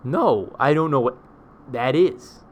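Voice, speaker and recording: A man co-hosting a podcast in casual chat, bantering in an excitable, joking way. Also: medium pitch, takes it slowly, slight background noise. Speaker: podcast co-host.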